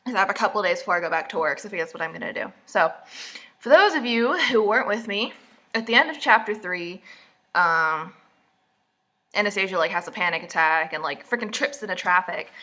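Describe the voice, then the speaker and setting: A woman's voice: mid-range voice, animated, a little fast, sharp tone. A woman vlogging casual book commentary, sarcastic and mocking, full of "like"s, just woken up. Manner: sarcastic, mocking, chatty with many "like"s.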